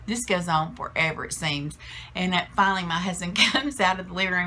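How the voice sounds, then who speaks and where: A woman's voice: lowish voice, fairly quick, bright, forceful tone. A middle-aged woman telling a family story in a casual, chatty way, with many fillers and restarts.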